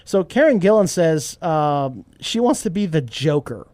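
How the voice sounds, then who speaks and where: A man hosting a podcast in casual chat, animated and joking, reading an ad read along the way. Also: a little high, measured pace, no room sound. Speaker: podcast host.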